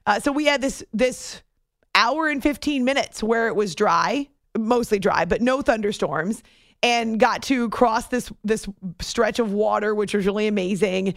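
A woman radio host telling a story in a chatty, animated way, laughing easily. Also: mid-range voice, a little slow, no echo, studio quality. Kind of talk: casual storytelling on a radio show.

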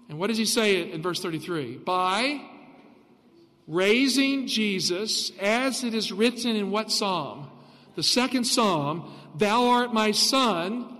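A man preaching a radio sermon, reading scripture slowly and with emphasis. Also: high voice, fairly bright tone, in a large hall. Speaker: pastor.

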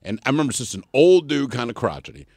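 A man co-hosting a podcast in a casual storytelling manner. His pitch swings widely as he acts out the people in his story. The sound is dry and close, with no room around it. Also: quick pace, breathy edge, no room sound. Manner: animated, acts out quoted people with big pitch jumps. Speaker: podcast co-host.

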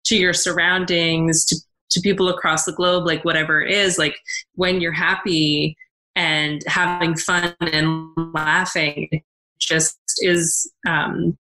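Woman, podcast co-host, casual chat, rambling, bright forceful tone. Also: on the low side, little pitch movement, takes it slowly, poor audio. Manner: rambling, giggly, searching for words.

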